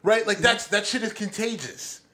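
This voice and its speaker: A man's voice: sits high, moderate pace, sharp tone. Blunt, profane man venting in a chat. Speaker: podcast co-host. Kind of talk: casual chat. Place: studio.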